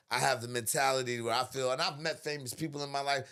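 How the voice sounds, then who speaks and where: A man hosting a podcast, telling a story in casual chat, animated and profane, laughing often. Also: mid-range voice, quick pace, clean tone. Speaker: podcast host.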